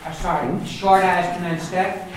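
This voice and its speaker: A man's voice: high voice, little pitch movement, normal speed, noisy background. A man teaching a language class, saying words aloud and repeating them patiently for his students. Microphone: distant recorder in the room. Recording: echoey room, far from the mic, class chatter.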